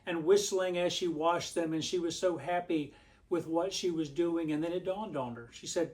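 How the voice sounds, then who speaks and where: A man's voice, pitched a little high for a man. He delivers a short devotional like a pastor, telling a homespun story in a relaxed, meandering way. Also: normal speed. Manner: homespun, rambling storyteller with frequent restarts.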